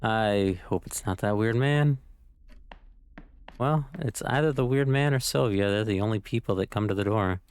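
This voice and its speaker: A man playing a visual novel and reading its narration aloud, in an animated manner. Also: lowish voice, normal speed, smooth, no echo. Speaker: streamer.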